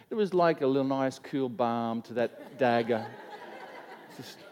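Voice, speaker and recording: A man's voice: mid-range voice, unhurried, a little mellow, clear, resonant tone. A middle-aged man, preaching a sermon in a conversational, storytelling way and asking his listeners questions. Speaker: pastor. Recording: long hall reverb.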